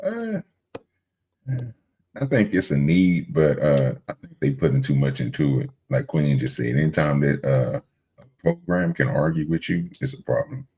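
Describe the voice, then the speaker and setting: Very deep-voiced laid-back man. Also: very animated, normal speed, dark tone. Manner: laid-back, questioning, says "bro" often. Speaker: panel guest. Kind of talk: casual panel chat.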